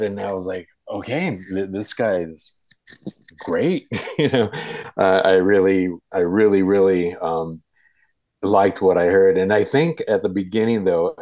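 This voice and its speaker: A man with a very low voice tells a long, rambling story from memory, full of fillers and restarts. His voice sounds dry and close, with no room echo. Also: mellow. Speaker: guest. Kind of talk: casual interview recollection.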